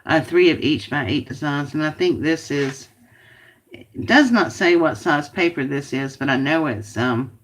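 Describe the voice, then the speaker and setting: Lower-voiced woman chatting over crafts. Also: expressive, measured pace. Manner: chatty, talks to herself while working, grumbles. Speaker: craft video host. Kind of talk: casual live craft chat to viewers.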